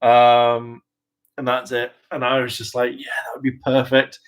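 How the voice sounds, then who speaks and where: A man's voice: medium pitch, monotone, measured pace, clear, resonant tone, poor audio. Chatty man rambling on camera. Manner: chatty and self-mocking, with frequent fillers, laughs and mimicked voices; casual swearing. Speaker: vlogger and hopeful actor. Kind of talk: casual rambling commentary.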